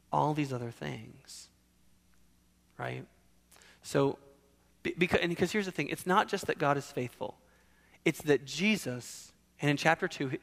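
A man's voice: fairly high pitch, vocal fry, a bit bright, long reverb tail. A man preaching a sermon, emphatic, asking and answering his own questions.

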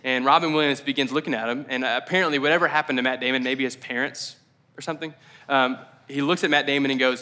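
Male pastor, conversational preaching, bright clear tone, drawn-out emphasis. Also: medium pitch, steady tone. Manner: conversational, rambling asides, slows down for emphasis. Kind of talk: casual sermon. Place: church service.

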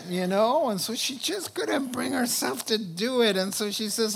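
A man preaching a sermon, retelling a story with lively acted-out character voices and chuckles. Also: high voice, normal speed, vocal fry, few pauses.

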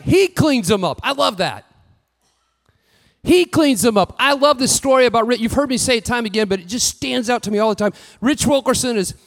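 A man preaches with animated delivery, his voice pitched very high and gravelly. He rises to shouts and acts out what the figures say. His words ring through a hall with a long reverb. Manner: animated, shouting at peaks, acting out quotes. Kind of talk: sermon.

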